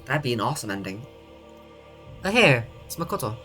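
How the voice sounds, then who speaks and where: A young woman streaming a game, talking in a low voice and reacting with sarcastic, casual commentary. She swears freely and laughs a lot, with faint music underneath. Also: big pitch swings, brisk, a bit bright. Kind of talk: casual let's-play commentary.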